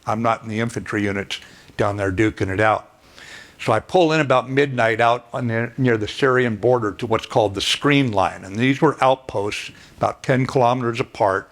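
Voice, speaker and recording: An older man giving a plainspoken, folksy storytelling speech as guest speaker, clearing his throat now and then. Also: medium pitch, normal speed, a bit bright. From United States.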